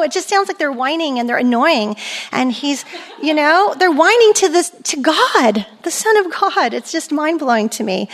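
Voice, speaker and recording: A woman's voice: high-pitched, sing-song, normal speed. A middle-aged woman giving a sermon at a women's church gathering, conversational and emphatic, repeating her key phrases. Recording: long hall reverb.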